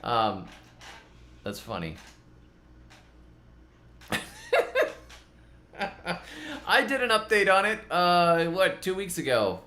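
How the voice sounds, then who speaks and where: A middle-aged man chats casually on his gardening channel. He rambles and pokes fun at himself, often doubling up his words, at a middle pitch. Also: lively intonation, moderate pace, pushed and bright, slight background noise. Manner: rambling, self-mocking, repeats words often. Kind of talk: casual rambling vlog chat.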